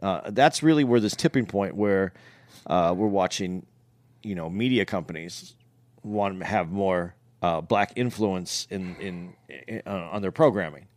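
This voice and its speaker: A man's voice: low-pitched, measured pace, no room sound. A man co-hosting a podcast in casual chat, hesitant and full of fillers. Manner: hesitant, filler-heavy commentary. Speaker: podcast co-host.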